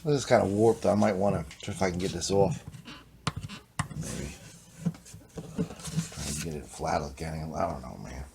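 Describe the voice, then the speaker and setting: A man hosting a casual workshop vlog in a laid-back, rambling voice. He tacks "man" onto nearly every sentence and sometimes sinks into quiet muttered whispers. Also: low voice, measured pace, vocal fry, pauses often, background noise. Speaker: vlog host, guitar repairer.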